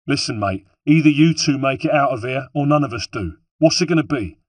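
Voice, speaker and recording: A man voicing a brave, loyal soldier who shouts gruffly. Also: medium pitch, expressive, fairly quick, no echo, voice pushed up, lightly acted. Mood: urgent, gruff. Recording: dry, distant mic.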